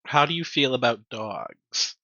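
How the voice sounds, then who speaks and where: A man cracking jokes as a player in a tabletop role-playing game. His voice is bright, slightly high and lively. The recording is dry and lo-fi. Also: measured pace, dry recording. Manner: joking, playful. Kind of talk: joking banter in a tabletop game.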